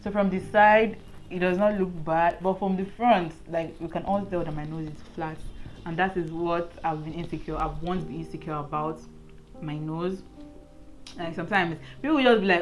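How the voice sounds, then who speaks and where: Young woman chatting to her camera at home, kinda low voice, says like a lot, soft music under it. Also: steady tone, normal speed. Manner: chatty, earnest, lots of "like". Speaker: vlogger. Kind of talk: casual chat to camera. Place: indoors at home, lit by a ring light.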